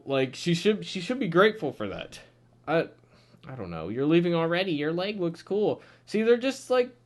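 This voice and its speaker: A young man hosting a comic review channel, ranting in exasperation, swearing a lot and saying "dude" often. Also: fairly high pitch. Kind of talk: ranting commentary.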